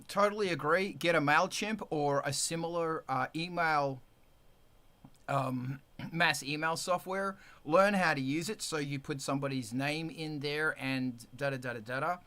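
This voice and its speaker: Brief: male livestream host, loose and animated, bright high-ish voice, casual swearing. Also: unhurried. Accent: Australian. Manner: animated, swearing, rambling with restarts.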